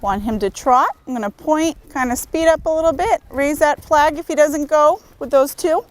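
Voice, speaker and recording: A woman horse trainer giving calm, patient step-by-step instructions outdoors while working a horse in an arena. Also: high voice, normal speed, poor audio.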